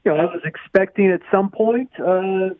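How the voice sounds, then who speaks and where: A man's voice: sits high, moderate pace. A male sports columnist, a guest on a phone-in interview, talking in a friendly, rambling way with many restarts. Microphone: phone line. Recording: tinny phone line, dry.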